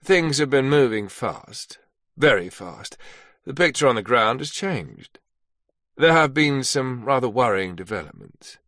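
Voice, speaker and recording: A man's voice: medium pitch, sing-song, a little slow, a bit bright, no echo, studio quality. A man voicing a formal, careful male operations officer in an audiobook.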